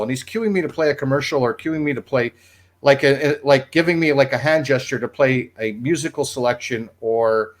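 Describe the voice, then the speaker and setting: A man's voice: mid-range voice, brisk. A man, a former radio producer, telling a long, rambling story on a livestream and laughing along as he tells it. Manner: rambling, animated, laughs at his own story.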